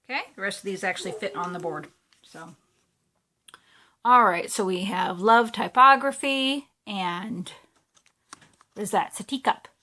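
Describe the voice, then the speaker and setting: A woman's voice: medium pitch, unhurried, pauses often, sharp tone. A woman, chatting casually and gushing while she shows off her crafting supplies. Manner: chatty and gushing, with many fillers. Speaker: cross-stitch vlogger. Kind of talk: casual show-and-tell chat.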